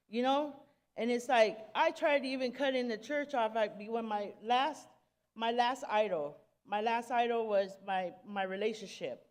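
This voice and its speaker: A nervous woman giving a spoken testimony at a church service, talking in casual street slang with many halting restarts. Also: a little high, in a large hall.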